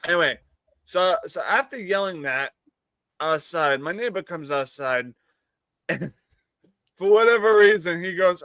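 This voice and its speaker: Man, higher pitch, dry close mic, live-stream host, rambling storyteller, laughs a lot. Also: animated, unhurried, pauses often, fairly bright tone, no room sound. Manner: rambling anecdote, laughs often, acts out others' lines. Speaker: podcast host. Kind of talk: casual chat, storytelling.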